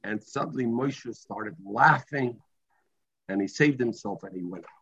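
A man's voice: medium pitch, a little slow, fairly bright tone, a little hiss or hum. A man teaching a Talmud class, mixing English with Hebrew and terms and often restarting his sentences. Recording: dull lo-fi recording.

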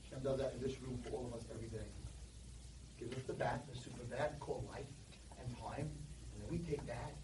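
A man giving an animated sermon to boys, telling stories, recorded in an echoey hall from a distance. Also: medium pitch, a little fast, noisy background. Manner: animated, storytelling. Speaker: speaker addressing boys.

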